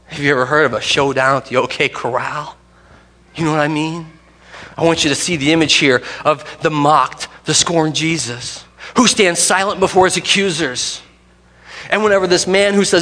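A man delivering a sermon with a bright, forceful voice pitched a little high. He swings from urgent emphasis down to near-whispers when quoting, keeping the listener leaning in. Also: moderate pace. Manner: dramatic, drops to a hush for quoted lines. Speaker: pastor.

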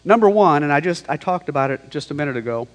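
A man's voice: on the high side, lively intonation, fast talker, dull audio. A man preaching a sermon in a conversational, emphatic way, mixing scripture with slangy paraphrase. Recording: long hall reverb.

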